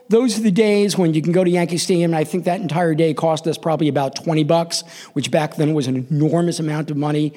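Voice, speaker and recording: A man's voice: on the high side, fast talker. A man in his sixties from New York, hosting a live storytelling show and acting out the voices in his own story. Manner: animated, acts out quoted voices.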